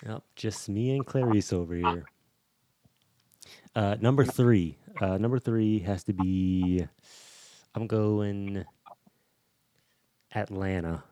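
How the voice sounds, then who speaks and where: A man's voice: lowish voice, takes it slowly, pauses often, warm tone. A man co-hosting a podcast in casual chat, often stammering and turning dryly mock-serious. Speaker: podcast co-host.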